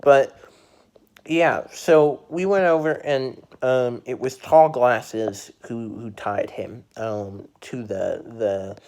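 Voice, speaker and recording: A young adult telling a funny school story as a casual vlog, halting with many fillers and restarts and laughing at the memory. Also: medium pitch, fairly even intonation, darkish tone. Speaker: storytime vlogger.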